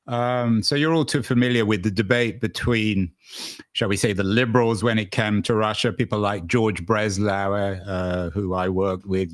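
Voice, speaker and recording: A man's voice: fairly low pitch, no room sound, clean studio sound. A male interview host asking long, winding questions full of hedging asides.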